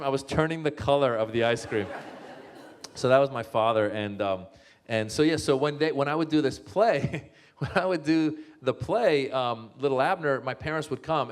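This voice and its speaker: A clean, medium-pitched male voice belongs to an Iranian-born comedian and author who grew up in Northern California. Speaking as a guest, he tells comic stories about his family, laughing often and animatedly acting out his relatives' voices.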